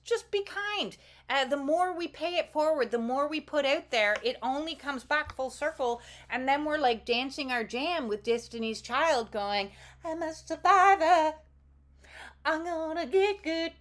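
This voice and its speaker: A woman's voice: high-pitched, fairly bright tone. A woman hosting a casual live card-reading stream, talking to her viewers in a rambling, playful way with the odd swear word. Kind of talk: casual livestream chat.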